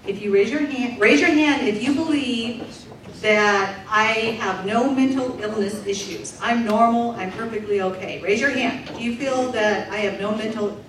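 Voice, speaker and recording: A woman interpreting a deaf comedian's stand-up set aloud for a live audience, in a lively, animated way. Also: fairly high pitch, normal speed, slight background noise. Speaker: sign language interpreter voicing a deaf comedian. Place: large room with a live audience. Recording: echoey distant room recording.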